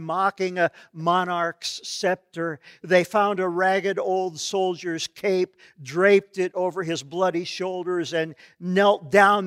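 A male preacher retells a story in a vivid, solemn way. He speaks slowly in a slightly high, smooth voice, recorded close and dry. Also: fairly bright tone, dry recording. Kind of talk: dramatic sermon storytelling.

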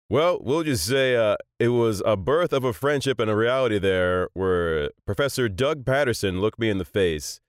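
A man in his thirties, a voice actor, telling stories in a casual chat, animated and laughing often. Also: lowish voice, normal speed, dry recording, clean studio sound. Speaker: voice actor guest.

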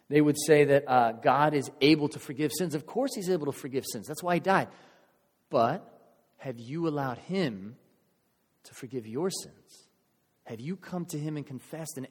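A man's voice: a little high, husky. Man preaching in a reverberant hall. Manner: conversational, animated storytelling with acted-out crowd voices. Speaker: pastor. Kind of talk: sermon with storytelling. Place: church.

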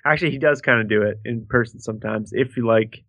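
A man's voice: lowish voice, fast talker, fairly bright tone, dry recording. A man co-hosting a podcast in casual chat, rambling, swearing freely and trailing off mid-sentence. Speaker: podcast co-host.

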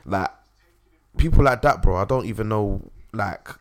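Animated young man. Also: lowish voice, moderate pace. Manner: animated, swears casually, laughs often. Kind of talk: casual podcast chat.

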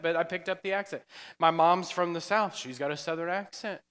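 A man's voice: on the high side, steady tone, a little fast, a bit bright, clear, resonant tone, long reverb tail. A man preaching a casual, joking sermon in a church, breaking into chatty asides and laughing often. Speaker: pastor. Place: church sanctuary.

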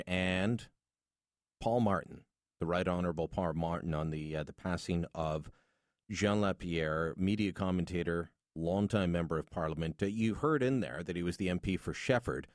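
A man's voice: deep voice, normal speed, dry recording, clean studio sound. A man hosting a radio talk show, chatty, with asides between segments. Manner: chatty, asides and station plugs. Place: radio studio.

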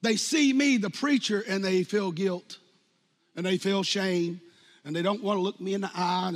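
A man in his fifties preaching a sermon as pastor, animated, jumping from loud outbursts to hushed lines and acting out quotes. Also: high voice, moderate pace. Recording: long hall reverb.

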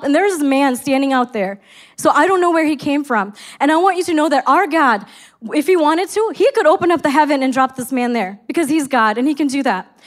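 A high-pitched middle-aged woman delivers a sermon in an earnest storytelling manner. She reads scripture and recounts a personal story. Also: fairly quick. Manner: earnest storytelling, exclaims in quoted excitement. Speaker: preacher.

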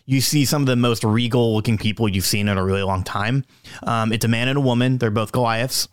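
A man narrating as game master of a tabletop game, relaxed and halting with many pauses. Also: mid-range voice, clean tone, no echo, clean studio sound.

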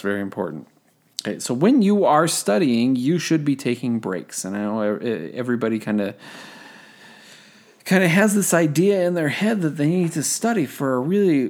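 Young male podcast host, gravelly mid-pitched voice, loose self-mocking delivery full of restarts. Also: a little mellow. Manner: rambling, self-deprecating, with many fillers and restarts. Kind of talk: casual study-tips podcast.

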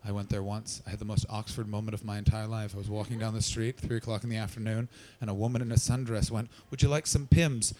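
A man's voice: lowish voice, flat delivery, fast talker, few pauses, dark tone, slight background noise. A man doing stand-up crowd work, brash, profane and teasing. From Canada. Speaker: stand-up comedian.

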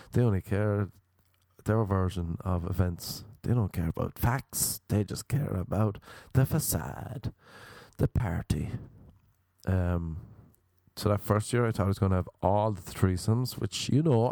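A young man with a Cork accent rambles through a sardonic comic story, swearing freely and slipping into other people's voices. His voice sits on the low side. The sound is dry and close, with no room around it. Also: mellow, dry recording. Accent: Irish, Cork. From Ireland. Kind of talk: stand-up storytelling.

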